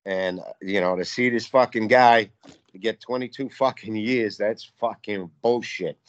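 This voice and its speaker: A man's voice: lowish voice, measured pace, no room sound, lo-fi sound. A man from New York, a guest artist, talking in a casual interview in a profane, fired-up, rambling way.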